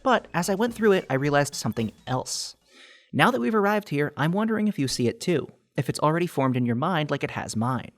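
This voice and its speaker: A man narrating a mock-serious video essay over faint background music. His mid-pitched voice swings up and down in lively bursts, and he delivers over-the-top analysis with earnest gravity while nearly cracking up. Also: brisk. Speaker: YouTube theory video host.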